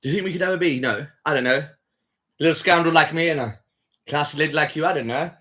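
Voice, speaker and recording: Talking fast in a slightly high, sharp-toned voice, a livestream host needles a caller. His live call-in banter is all teasing, mockery and flirty provocation.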